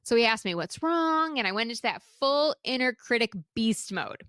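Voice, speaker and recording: A woman's voice: on the high side, animated, moderate pace, a bit bright, smooth, no room sound. Upbeat woman podcaster, dry close sound. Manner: upbeat, conversational, asks listeners rhetorical questions. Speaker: podcast host and speaker coach. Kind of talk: solo podcast talk.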